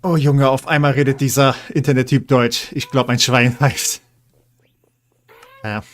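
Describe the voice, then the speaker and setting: A man's voice: mid-range voice, flat delivery, unhurried. Chatty man streaming a building game. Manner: chatty, rambling, coaxing pets. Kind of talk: casual gameplay commentary.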